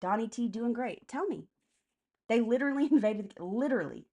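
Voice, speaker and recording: A woman's voice: on the high side, lively intonation, moderate pace, a little mellow. A woman hosting a casual political live stream, answering chat comments by name in a blunt, profane way.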